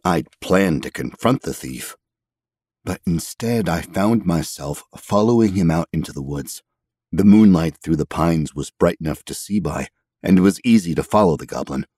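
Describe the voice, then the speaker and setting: A man reading a story aloud in the first person, measured and steady. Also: low voice, breathy edge, dry recording, studio quality. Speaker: audiobook narrator. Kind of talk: scripted story narration.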